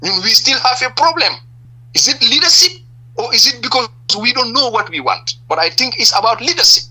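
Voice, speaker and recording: A man's voice: extremely high pitch, expressive, a little fast, sharp tone, breathy edge, poor audio. A man with a Gambian accent, a political party leader giving impassioned answers in a radio interview, stressing point after point and firing rhetorical questions.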